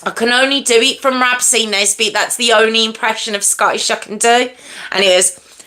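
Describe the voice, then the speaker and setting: A woman's voice: a little high, fairly even intonation, normal speed, pushed and bright. A woman hosting a live stream, chatting casually and self-mockingly with her viewers and laughing often, from home. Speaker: livestream host. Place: at home with a fan nearby.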